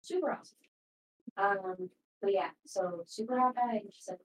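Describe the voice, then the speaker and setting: A woman chatting casually before a live stream, retelling a show in a rambling, animated way with lots of fillers. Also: medium pitch, moderate pace. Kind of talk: casual chat. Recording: roomy, distant mic with background noise.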